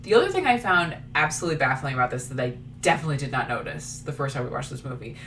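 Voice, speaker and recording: A woman co-hosting a casual movie podcast, giving amused, expressive commentary. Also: very deep voice, racing, distant mic, a little hiss or hum. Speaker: podcast co-host.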